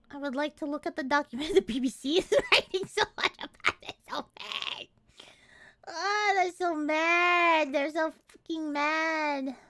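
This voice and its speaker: High-voiced, slow-talking woman streamer. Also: no room sound, clean studio sound. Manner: excitable and profane, swears freely. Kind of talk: casual livestream chat.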